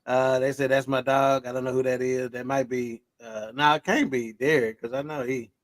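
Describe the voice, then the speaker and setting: A man's voice: medium pitch, level tone, normal speed, dry recording. A man hosting a casual live-stream talk show, reading out viewer comments in an easygoing, teasing way. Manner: easygoing, teasing, many fillers. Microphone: live stream video call.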